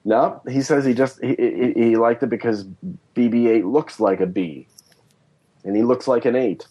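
A man as guest journalist on a podcast, telling stories in a lively, rambling way with many fillers. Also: medium pitch, normal speed, highs cut off. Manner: animated storytelling, lots of fillers. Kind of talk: casual podcast interview.

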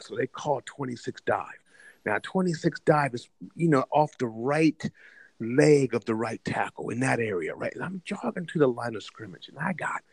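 A man, a former pro football lineman, telling a lively story as a podcast guest and acting out the voices in it. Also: mid-range voice, vocal fry, no room sound. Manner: animated storyteller who acts out the quoted voices. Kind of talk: lively storytelling over the phone. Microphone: phone line.

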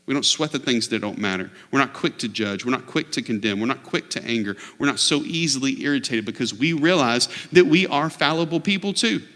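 Pastor, male, bright tense voice, earnest preaching, big reverberant hall. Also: animated, a little fast, few pauses. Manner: earnest preaching, swings from low and quiet to loud mock-shouting. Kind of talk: sermon. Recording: long reverb of a large hall.

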